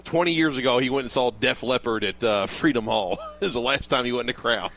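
A man's voice: mid-range voice, brisk, slight background noise. A man co-hosting a sports radio show, ranting and mocking callers in casual banter. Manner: animated ranting, mocking impressions.

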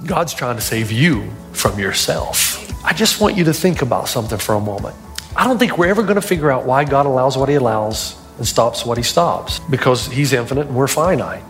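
A middle-aged man preaching a sermon as pastor, telling stories with dramatic build-ups. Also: medium pitch.

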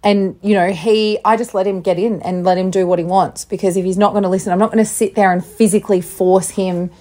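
A woman's voice: mid-range voice, fairly even intonation, fairly quick, warm tone. Chatty woman podcast host. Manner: candid, laughs often, acts out quotes. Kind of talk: casual podcast chat.

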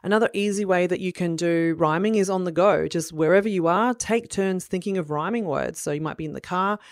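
A woman in her thirties with a low voice gives parents practical advice in an encouraging, friendly tone. She acts out little exchanges with children as she explains. The recording is dry and close, with no room sound. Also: fairly quick, no room sound. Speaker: parenting educator. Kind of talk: instructional talk to parents.

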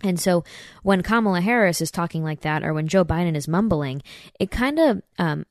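Woman, low-pitched, podcast host, emphatic commentary, dry sound. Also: animated, moderate pace, no echo. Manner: emphatic, addresses listeners as "you guys". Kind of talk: political commentary.

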